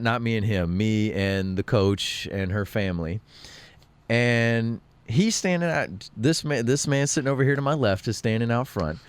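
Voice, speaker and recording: Speaking at medium pitch, a man co-hosts a radio program, wandering through anecdotes during casual talk and performing other people's quotes. He clears his throat at times. The studio recording has no echo.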